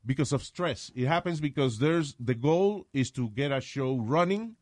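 A man telling animated stories in casual chat, mixing Spanish and English. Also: medium pitch, normal speed, dry recording. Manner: storytelling, switches between Spanish and English. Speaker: entertainer and MC.

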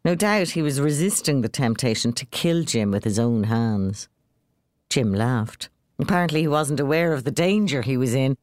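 Expressive woman reading a story aloud. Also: a bass voice, no room sound, clean studio sound. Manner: measured, expressive narration.

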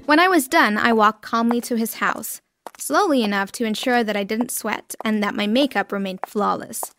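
Woman storyteller, first-person podcast story, expressive, dramatic, fairly high voice. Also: normal speed, faint music behind.

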